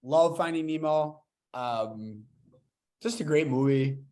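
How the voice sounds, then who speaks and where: A man's voice: fairly high pitch, slow pace, darkish tone. A young man in his twenties hosting a casual podcast, talking enthusiastically and restarting his sentences as he rambles. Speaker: podcast host.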